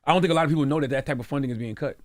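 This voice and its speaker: A man hosting a radio interview, chatting casually with quick restarts. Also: mid-range voice. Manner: quick, stumbling restarts when agreeing. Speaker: radio show host. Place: radio studio.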